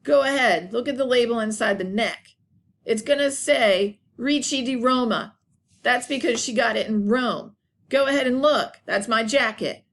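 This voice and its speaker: A woman's voice: a little high, normal speed, fairly bright tone. A woman voicing an insistent sixth-grade boy in a read-aloud story.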